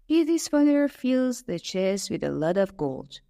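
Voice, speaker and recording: Slow, expressive woman storyteller. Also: medium pitch, dry recording, studio quality. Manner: slow, clear, expressive reading. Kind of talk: storybook narration for English learners.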